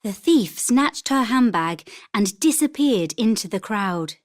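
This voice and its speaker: A woman reading vocabulary words and example sentences for a textbook in a clear, deliberate manner. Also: mid-range voice, lively intonation, dry recording, studio quality. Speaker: textbook audio reader.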